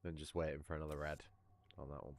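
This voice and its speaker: Deep-voiced British gamer chatting casually. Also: male voice, level tone, quick pace, slight background noise. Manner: rambling, sweary, loose storytelling. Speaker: livestream gamer. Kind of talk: casual chat while gaming.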